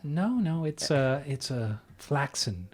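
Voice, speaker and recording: A man's voice: mid-range voice, very animated, slow pace, pitched above the performer's own voice. A man putting on a prim suspicious farm woman. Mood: falsely polite. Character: suspicious farmstead woman baking bitter bread.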